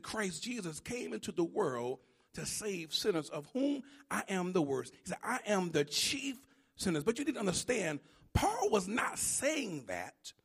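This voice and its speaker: A male preacher gives a sermon that moves between quiet teaching and loud, emphatic preaching full of repeated phrases. His voice sits high and sounds gravelly and husky.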